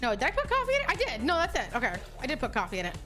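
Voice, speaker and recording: A woman's voice: sits high, wildly swooping pitch, very fast, music in the background. A young woman streaming a game, chatting casually with over-the-top, profane outbursts. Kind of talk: casual game livestream chat.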